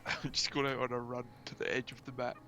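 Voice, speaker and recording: A man with a very bright, sharp voice trades playful jokes as a podcast host, chatting loosely while he plays a game. His tone stays mid-pitched and cutting. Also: little pitch movement, fast, soft background music. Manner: playful, joking banter. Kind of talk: casual chat while gaming.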